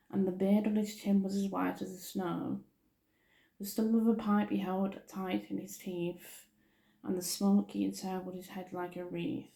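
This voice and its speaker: A woman reading a poem aloud in a soft-spoken ASMR style, often stumbling over words and apologizing, recorded on a phone. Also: medium pitch, creaky, echoey room. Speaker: ASMR creator.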